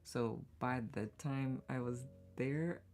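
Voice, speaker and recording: A woman's voice: extremely low pitch, fairly even intonation, slow, darkish tone. A woman hosting a casual live-stream circle, chatting, reading viewer comments aloud and laughing often in rambling asides. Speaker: host of a live community circle.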